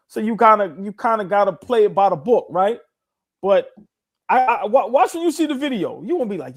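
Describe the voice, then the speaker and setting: A man's voice: high-pitched, sing-song, fairly quick. A man co-hosting a casual sports podcast, rambling with many restarts and repeated calls to listen. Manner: rambling, restarts a lot, says "listen" often. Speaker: podcast co-host.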